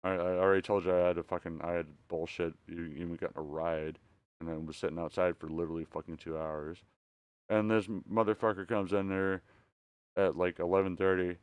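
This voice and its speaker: A man's voice: deep voice, steady tone, a little fast, smooth, dry recording. A man chatting casually as a stream host, rambling and swearing with many stammered restarts. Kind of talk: casual chat.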